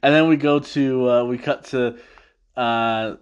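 A man's voice: mid-range voice, fairly even intonation, a little slow, clean tone, highs cut off. Chatty man laughing through a recap. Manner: chatty, laughing often, acting out quotes in funny voices. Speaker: podcast host recapping an episode. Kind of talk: casual recap talk.

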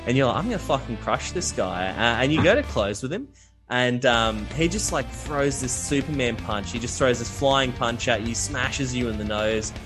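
A man's voice: medium pitch, normal speed, over music. A man running a tabletop game as game master, loose and swearing, with lots of fillers.

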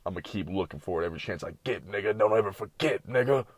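A man's voice: on the low side, expressive, fast talker, slightly rough, no room sound. A man voicing a worn-out stubborn runaway dog. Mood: weary defiant. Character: tired runaway male family dog, stubborn.

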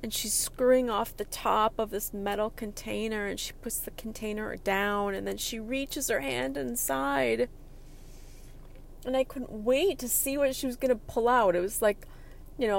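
A middle-aged woman recounting a personal story with lively, animated delivery. She talks with frequent fillers and restarts, building up the tale with emphasis. Her voice sits at a middle pitch for a woman. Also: normal speed, gravelly, slight background noise.

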